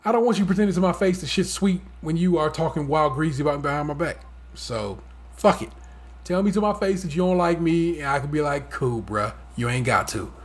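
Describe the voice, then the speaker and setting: A man co-hosting a podcast in casual chat, talking in animated, profane bursts and mocking the people he talks about. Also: fairly high pitch, brisk. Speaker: podcast co-host.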